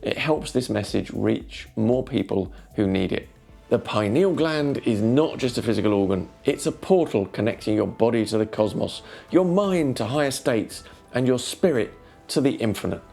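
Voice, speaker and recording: A man giving scripted narration for a wellness video, calmly counting off tips in an instructive way. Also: medium pitch, moderate pace, gravelly, soft background music.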